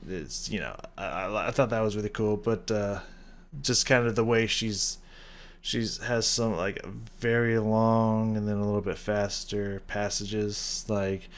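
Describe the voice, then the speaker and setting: A man's voice: on the low side, steady tone, unhurried. A man casually reacting to and breaking down a song, rambling with enthusiasm, humming melody bits and swearing casually. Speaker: music reaction channel host.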